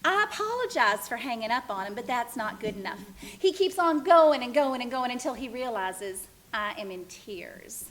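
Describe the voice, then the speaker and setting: A middle-aged woman telling her own life story as a theatrical one-woman monologue, expressive and wistful. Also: fairly high pitch, moderate pace, poor audio. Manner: expressive, wistful, self-reflective. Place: stage.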